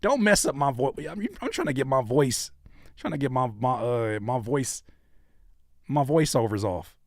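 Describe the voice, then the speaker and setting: An animated man hosting a live music reaction stream, his voice swinging widely up and down as he jokes and riffs. He repeats phrases for emphasis in a casual, conversational way. The sound is dry and close. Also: medium pitch, moderate pace, dry recording. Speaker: host reviewing music submissions. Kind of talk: casual livestream reaction chat.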